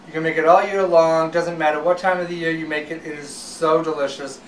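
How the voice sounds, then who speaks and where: A man's voice: fairly high pitch, fairly even intonation, fairly quick, far from the mic, a little hiss or hum, poor audio. A man hosting a home cooking show, talking casually with fillers and restarts.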